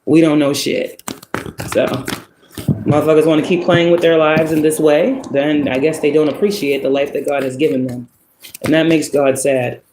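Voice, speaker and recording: A man's voice: a little high, flat delivery, normal speed, reverberant, background noise. Swearing, laughing male tarot reader. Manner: profane, emphatic, laughs often. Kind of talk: casual spoken tarot reading.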